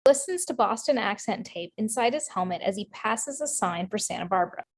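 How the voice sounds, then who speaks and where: A woman reading screenplay stage directions in a brisk, matter-of-fact way. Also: medium pitch, expressive. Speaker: narrator reading action lines.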